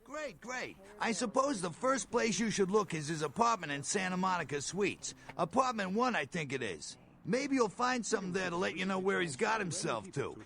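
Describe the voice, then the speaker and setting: A bright, gravelly game character who coaxes the player into a favor. His pitch sits high and swings widely. A faint game ambience hums behind him. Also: sing-song, normal speed, exaggerated voice. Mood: friendly. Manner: genial, coaxing. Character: friendly middle-aged man asking a favor. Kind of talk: video game dialogue.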